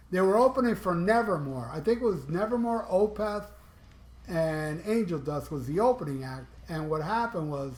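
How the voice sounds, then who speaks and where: Middle-aged guy from Florida, pitched high, loose and rambling, swears a lot; echoey room, faint music underneath. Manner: rambling, enthusiastic, swears freely. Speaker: music vlogger. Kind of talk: casual chat.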